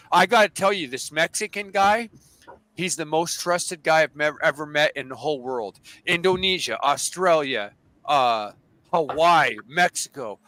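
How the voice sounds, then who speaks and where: An American man casually telling a rambling, profane story on a livestream, animated and full of restarts. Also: fairly high pitch, no echo, rough recording. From United States.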